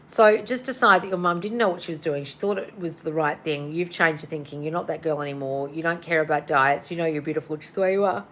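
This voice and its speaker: A woman's voice: low voice, fast, few pauses, a bit bright. Tired, blunt woman coach calling everyone darling. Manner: casual, blunt, calls listeners darling. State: tired and yawning. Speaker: manifestation coach. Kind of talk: livestream Q&A.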